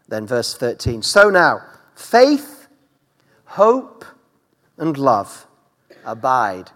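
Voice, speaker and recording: A man's voice: mid-range voice, huge pitch swings, drawn-out words, long pauses, a bit bright. A man preaching a sermon as pastor, with emphatic delivery that rises and falls. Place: church. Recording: church hall reverb.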